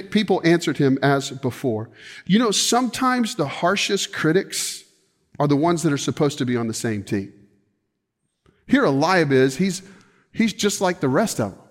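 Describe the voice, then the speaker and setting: A man preaching a sermon, retelling a scripture story with lively acted-out quotes and casual slang asides. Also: on the high side, long reverb tail. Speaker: pastor.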